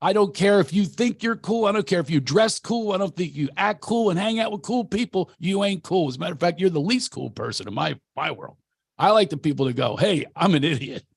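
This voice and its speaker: A comedian speaking to an audience of actors, telling stories in an animated way, often acting out what people said and laughing at himself. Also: male voice, high voice, normal speed, creaky, slightly rough, no echo, clean studio sound. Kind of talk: storytelling talk.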